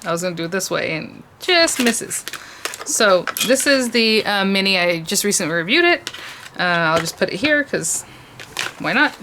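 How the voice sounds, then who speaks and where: A woman's voice: mid-range voice, expressive, moderate pace, sharp tone, slight background noise. Chatty woman demonstrating a craft. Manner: chatty, thinks aloud with frequent restarts and small laughs. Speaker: crafting channel host. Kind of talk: casual crafting tutorial.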